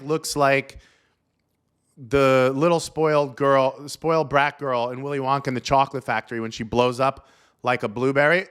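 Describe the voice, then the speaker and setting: Male comedy host, mid-pitched, jokey sarcastic delivery. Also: fairly bright tone, clean tone. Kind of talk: comedic pop-culture commentary.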